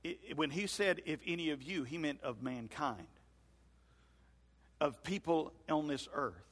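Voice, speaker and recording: A male pastor preaching a sermon in a church sanctuary, acting out scripture dialogue with lively swings in voice. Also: fairly high pitch, unhurried, husky. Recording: long hall reverb.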